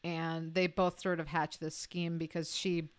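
Smooth-voiced woman gushing on a podcast. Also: low-pitched, little pitch movement. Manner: enthusiastic, with fillers and quick asides. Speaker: podcast co-host. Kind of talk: casual film-review chat.

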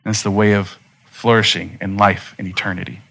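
A man's voice: fairly low pitch, flat delivery, fairly quick, vocal fry, sharp tone. A man, a pastor in his thirties, preaching a sermon in an earnest, conversational way with direct appeals to his listeners.

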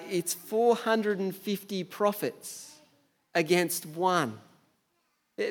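A man with an Australian accent preaching a sermon in a conversational way, asking the listeners rhetorical questions and sometimes stumbling over words. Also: fairly high pitch. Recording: long reverb in a large hall.

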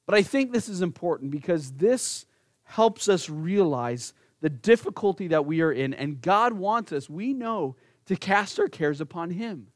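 A man's voice: sits high, lively intonation, measured pace, no echo, clean studio sound. A man preaching an earnest sermon, speaking directly to his congregation and rising into pleading emphasis. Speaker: pastor.

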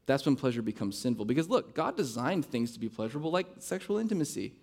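A man's voice: mid-range voice, big pitch swings, quick pace, darkish tone. A male pastor preaching a sermon, earnest and driving home his points with repeated rhetorical questions.

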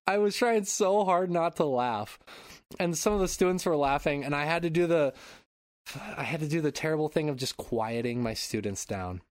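A man hosting a podcast, telling a story in casual chat, animated and swearing freely while acting out loud shouts, on a close microphone at home. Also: on the high side, moderate pace, no room sound. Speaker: podcast host. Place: home room. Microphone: close podcast mic.

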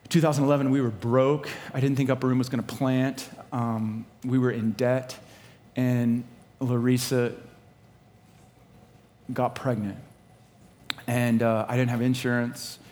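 A man preaching a sermon and telling a personal story, animated and laughing, swinging between loud preaching and quiet storytelling. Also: mid-range voice, unhurried. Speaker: pastor. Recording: live hall with long reverb and faint ambience.

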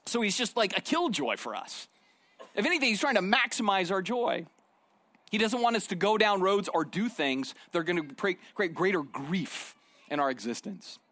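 A man's voice: sits high, lively intonation, moderate pace, sharp tone. A middle-aged man preaching a sermon in a conversational storytelling way, often tagging his points with "right?". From Arizona. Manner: conversational storytelling, frequent "right?" tag questions. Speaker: pastor.

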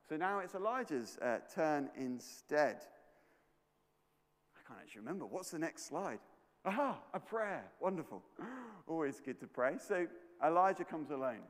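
Lively man telling a Bible story. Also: a little high, measured pace. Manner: energetic, playful, coaxing the audience. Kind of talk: animated Bible storytelling with audience participation. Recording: echoey hall.

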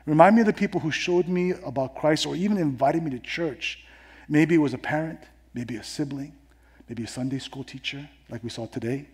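Male pastor from New York, husky and breathy, animated sermon delivery with loud and hushed swings. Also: a little high, a little fast. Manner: animated preaching, swinging between loud emphasis and hushed tones. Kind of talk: sermon with personal story.

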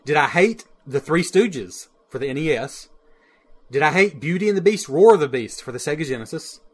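A man's voice: a little high, expressive, moderate pace, breathy edge. A man hosting a casual podcast, running a quiz and laughing easily between questions. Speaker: podcast host, quiz master.

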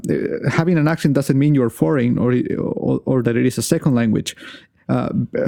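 Gravelly Chilean man, dry close sound. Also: medium pitch, mellow, dry recording. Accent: Chilean Spanish. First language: Spanish. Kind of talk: conversational podcast chat.

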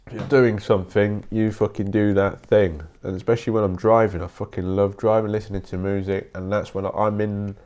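A man's voice: fairly low pitch, flat delivery, fairly quick, few pauses, darkish tone. A young man hosting a podcast, rambling bluntly in a casual solo monologue and swearing often. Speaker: podcast host.

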